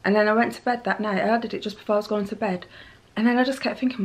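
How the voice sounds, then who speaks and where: A woman chats straight into her camera from home, her voice at an ordinary middle pitch. She rambles freely from one thought to the next and laughs at her own waffling. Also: fairly even intonation, rapid-fire. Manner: rambling, chatty, self-deprecating. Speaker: lifestyle vlogger. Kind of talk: casual talk to camera. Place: at home, indoors. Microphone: handheld camera mic.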